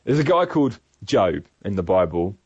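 A man giving a sermon-style Bible teaching in an earnest, measured, reflective way. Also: lowish voice, sing-song, a little mellow, breathy edge, dry recording, dull audio. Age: adult parent. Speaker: preacher.

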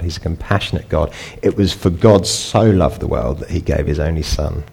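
Deep-voiced man preaching conversationally. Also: creaky, a little mellow, slightly rough. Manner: conversational preaching, rising emphatic peaks. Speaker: pastor. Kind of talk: sermon.

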